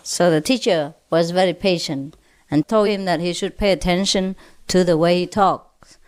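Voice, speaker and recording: A woman teacher giving a spiritual lecture, telling jokes to an audience, laughing at her own punchlines and pausing often with "uh". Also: lowish voice, a little mellow. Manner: halting, with many "uh" pauses.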